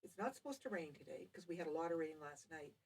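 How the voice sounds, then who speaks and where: A chatty, teasing woman hosts a casual live stream, her voice a little low and set back from the microphone. Faint background noise runs under her rambling talk. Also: lively intonation, fast talker, a little mellow, distant mic, poor audio. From Canada. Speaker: quilt shop live show host.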